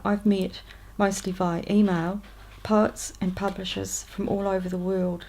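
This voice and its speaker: A woman's voice: medium pitch, vocal fry. A woman with a New Zealand accent reading aloud her own letters, in a chatty, upbeat way. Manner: warm, chatty letter-reading with lively lifts on greetings.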